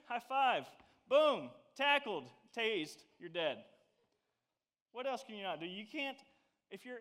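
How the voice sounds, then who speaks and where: A man giving a casual youth sermon, with animated, playful and exaggerated storytelling aimed at a young audience. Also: sits high.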